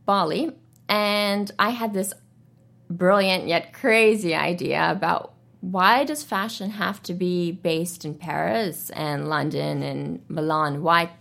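Thirties woman, radio guest, animated storyteller, a bit low. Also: takes it slowly, vocal fry. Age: 30s. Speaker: interview guest. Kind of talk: radio interview conversation.

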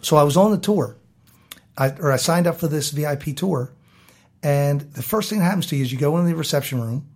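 Animated American man telling a story. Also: fairly high pitch, fairly quick. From South Baltimore, USA. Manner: animated storyteller who acts out quoted voices. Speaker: guest. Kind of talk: storytelling interview.

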